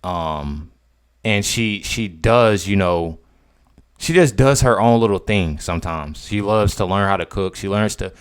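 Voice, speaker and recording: A young man, commenting casually on a video clip. He is incredulous, swinging between loud outbursts and low mutters. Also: a little slow, clean tone.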